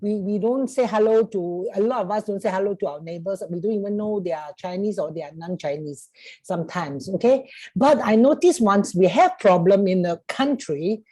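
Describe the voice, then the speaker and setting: A woman's voice: medium pitch, moderate pace, warm tone, no echo, poor audio. Older Singaporean woman chatting on a panel. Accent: Singaporean English. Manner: chatty, Singlish particles and laughs. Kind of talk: casual panel talk.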